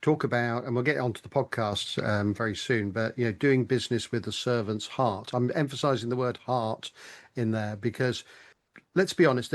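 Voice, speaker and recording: Male interview host, measured and reflective, mid-range voice. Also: mid-range voice. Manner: thoughtful, many fillers and restarts while framing questions. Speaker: podcast host. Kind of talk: interview questions.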